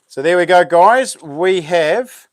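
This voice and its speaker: A relaxed man with a New Zealand accent chats his way through a live stream, meandering and dotting his talk with ums. His voice sits a little high for a man. The sound is close and dry, with no room around it. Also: takes it slowly, dry recording. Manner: laid-back, rambling, lots of ums. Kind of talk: casual live stream chat.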